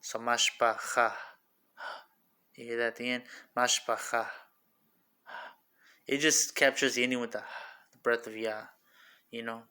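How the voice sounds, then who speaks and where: Bright-voiced man rambling through pronunciations. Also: mid-range voice, little pitch movement, a little slow, pauses often, smooth. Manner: loose and rambling, repeats words to sound them out; filler-heavy, says like and you know often. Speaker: religious teacher. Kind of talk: casual spoken teaching.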